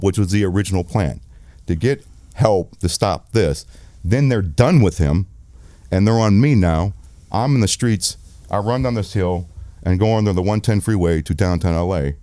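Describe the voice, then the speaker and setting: A man, a film director being interviewed, telling a story in a candid, animated, profane way and acting out quotes. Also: on the low side, moderate pace, dry recording.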